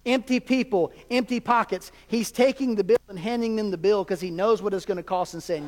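A man's voice: high-pitched, a little fast. A man preaching a sermon as a pastor, conversational with jokes and asides to the congregation. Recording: long hall reverb.

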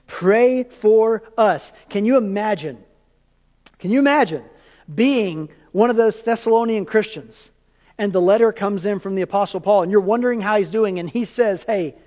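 High-voiced man preaching in a reverberant hall. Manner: animated, conversational preaching with quick asides. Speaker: pastor. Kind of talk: sermon.

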